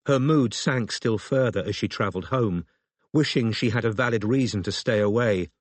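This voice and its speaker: A man reading an audiobook in a steady, measured storytelling manner. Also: lowish voice, no room sound. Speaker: audiobook narrator. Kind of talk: scripted audiobook narration.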